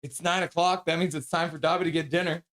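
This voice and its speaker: This livestream host talks fast in a fairly high voice, calling the game play by play for fans from his home. He gets excitable and shouts at big moments, then coos at his dog in baby talk.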